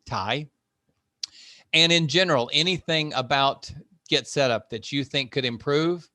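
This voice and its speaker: A man's voice: mid-range voice, fairly bright tone, no room sound, clean studio sound. An older man, a fitness instructor, wrapping up an online class in a chatty, encouraging way with plenty of fillers over a video call. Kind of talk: online class wrap-up talk.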